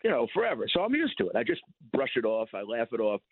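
An older man, a guest in a casual interview, talking haltingly, repeating words and laughing through his stories. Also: medium pitch, very animated, gravelly, husky, dry recording. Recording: dry, thin phone-like line.

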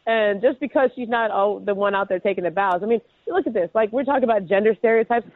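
A woman's voice: medium pitch, fast talker, dry recording. A woman calling in as a guest, chatting casually about sports in a persuasive way, with lots of "like" and "you know". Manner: chatty, filler-heavy, persuasive. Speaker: guest reporter. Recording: tinny phone line.

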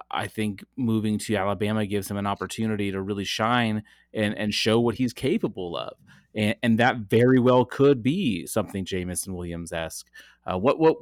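A man's voice: on the low side, dry recording, clean studio sound. A man co-hosting a casual sports podcast, chatty, laughing easily and using many fillers. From Colorado area. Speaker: podcast co-host.

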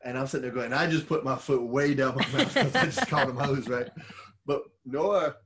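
A middle-aged man telling stories in casual chat, animated and swearing freely. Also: mid-range voice, fairly quick. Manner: animated storyteller who swears freely and laughs at his own stories. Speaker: podcast co-host and former wrestler.

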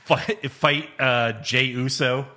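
A man's voice: mid-range voice, fairly even intonation, slow pace, pushed and bright. A man co-hosting a casual chat podcast, joking in laid-back banter. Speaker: podcast co-host.

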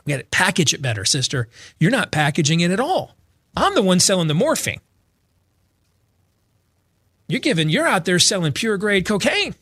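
Very animated and a little breathy, this male talk show host speaks at a moderate pace with a fairly bright tone and frequent pauses. His comedic political bits mock others through sarcastic paraphrase, with sudden high-pitched impressions.

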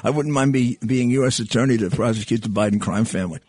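Older guy on talk radio, husky voice, dry sound, kinda rambly and halting, lots of restarts. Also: mid-range voice, darkish tone, no echo. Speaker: radio talk show host. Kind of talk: casual talk radio monologue.

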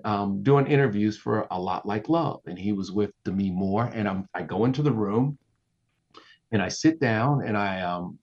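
A man telling a story in casual podcast chat, lively and acting out what people said. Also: creaky, muffled recording. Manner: animated, acts out quotes with big pitch jumps. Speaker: guest, entertainment reporter.

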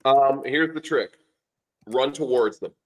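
Speaking slowly in a medium pitch, this former lineman and coach from Canada is a middle-aged podcast guest. He's relaxed and chatty, wandering through his stories with plenty of fillers and restarts.

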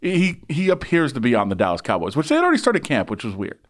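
A man's voice: mid-range voice, quick pace. A man who works as a sports reporter, telling a long story in casual chat and acting out the people in it. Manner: animated, voices people in anecdotes.

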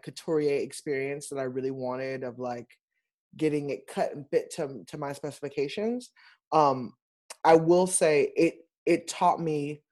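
A man, a Broadway performer, chatting casually with an animated, emphatic way of telling stories. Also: fairly high pitch. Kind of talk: casual chat.

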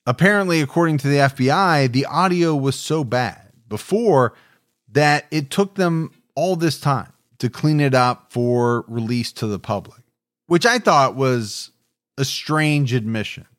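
A man hosts a true crime podcast with a mid-pitched voice. He narrates and muses in a steady, reflective way. The recording is close and dry. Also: unhurried, no echo. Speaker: podcast host.

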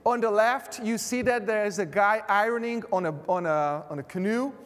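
A man gives a sermon in a high-pitched voice, often halting with fillers and restarting his sentences. His words ring out with a long reverb, as if spoken in a large church hall before a congregation. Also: a bit bright. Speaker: preacher. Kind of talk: sermon with personal anecdote.

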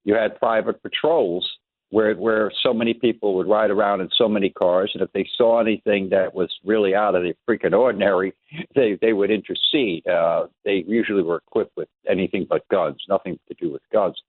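A man's voice: fairly low pitch, fairly even intonation, a little fast, slightly rough, no room sound. A man calling in to a radio show, talking in a rambling way and repeating his words. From New York. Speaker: caller. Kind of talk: phone-in call. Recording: tinny phone line.

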